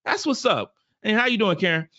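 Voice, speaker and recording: A man from South Carolina, hosting a casual postgame show, animated and prone to repeating phrases. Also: high voice, brisk, dry recording, muffled recording. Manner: animated, repeats phrases, reads viewer comments. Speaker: podcast host.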